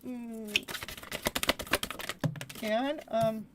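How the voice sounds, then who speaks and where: A woman's voice: a little high, fairly even intonation, extremely slow, heavy background noise. A woman giving a live tarot reading, chatty and laughing often as she talks. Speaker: tarot reader.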